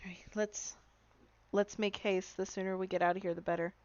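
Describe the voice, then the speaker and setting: Brisk woman player, muffled sound. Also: medium pitch, level tone. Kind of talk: casual tabletop game chat.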